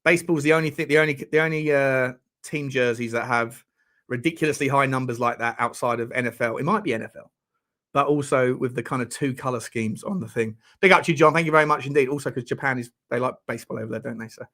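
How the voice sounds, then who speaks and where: A man's voice: mid-range voice, sharp tone. A man hosting a casual live-stream chat, joking around and reading out viewer messages. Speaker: livestream host.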